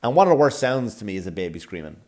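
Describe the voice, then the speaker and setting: A man, a comedy podcast host from Ireland, telling a sarcastic, profane travel story with animated delivery. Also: fairly low pitch, racing. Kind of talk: comic storytelling.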